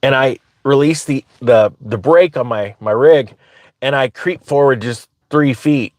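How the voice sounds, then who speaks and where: Animated storytelling man, dry close sound. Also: mid-range voice, unhurried, no room sound. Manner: animated, laughs through his story. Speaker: finance commentator, channel host. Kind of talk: casual storytelling monologue.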